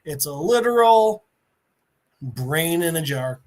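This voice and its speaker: Animated man retelling a comic. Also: on the high side, slow pace. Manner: animated, laughing, swearing. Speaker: podcast host.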